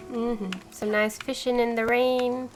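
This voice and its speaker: With soft game music behind her, a woman streams a cozy game, chatting upbeat and thinking out loud as she plays. Her voice is a little high, and there's a slight hiss or hum on the recording.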